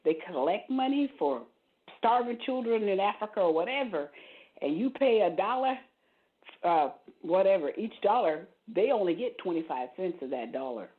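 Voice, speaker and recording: A woman's voice: medium pitch, big pitch swings, moderate pace. A woman co-hosting a casual talk show, speaking animatedly and often repeating words as she starts a thought. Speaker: podcast co-host. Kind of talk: casual conversation. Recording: thin phone-line audio.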